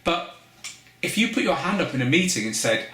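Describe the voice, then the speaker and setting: A man from Manchester, hosting a DJ course and teaching through a candid personal story, his pitch lifting as he stresses points. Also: fairly quick. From Manchester, England. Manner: conversational, candid storyteller with lively pitch lifts. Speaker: DJ course host. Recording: roomy echo.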